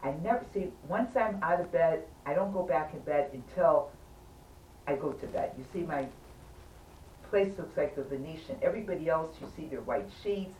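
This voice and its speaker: A low-voiced woman tells her story as a patient in an easygoing way, pressing each point hard and urging her listener on. She sits some distance from the mic in an echoey room with faint noise behind. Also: normal speed, darkish tone. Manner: emphatic and insistent, keeps urging the listener to listen. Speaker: patient recounting a hospital stay. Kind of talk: casual storytelling in an interview.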